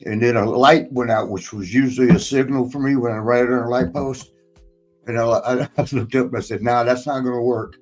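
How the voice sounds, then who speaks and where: A man's voice: mid-range voice, fairly even intonation, brisk, faint music behind, low-quality recording. A man hosting a casual chat, telling a long personal story in a rambling way, swearing often and laughing between lines. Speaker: podcast host and former wrestler.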